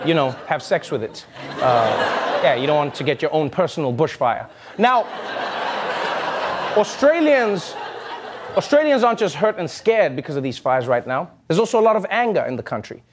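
A man with a high voice delivers a joking comic monologue as a late-night host. His asides are sarcastic, and there is faint noise behind him. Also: animated, brisk.

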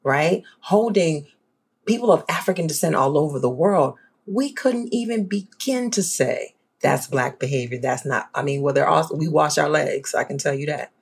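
A scholar from the American South speaks with a New Orleans accent in a casual panel discussion. The voice is gravelly and husky, and the delivery is animated and emphatic, leaping high in pitch to drive points home. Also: moderate pace. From Southern United States. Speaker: guest scholar.

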